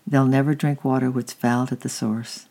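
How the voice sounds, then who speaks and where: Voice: medium pitch, little pitch movement, moderate pace, a little mellow, natural voice. A reader voicing an unhappy little boy who has been sulking and is sorry now, in a plain reading voice with small stumbles. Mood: wondering.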